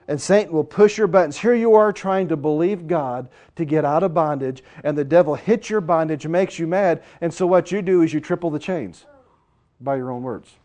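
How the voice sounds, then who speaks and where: A man preaching a sermon with passion, swinging between loud urging and hushed, quieter asides. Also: a little high.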